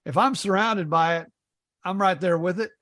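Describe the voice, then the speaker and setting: This podcast co-host, a middle-aged man from Indiana, has a voice that sits high and sounds a bit bright at a normal speed. Chatting casually, he shares folksy stories and repeats words when getting going.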